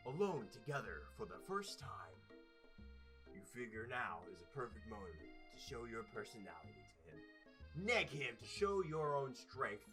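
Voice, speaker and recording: A man playing a dating game, reading the text aloud in a playful, exaggerated way with sudden loud bursts. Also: mid-range voice, big pitch swings, a little slow, soft background music. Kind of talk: let's play commentary.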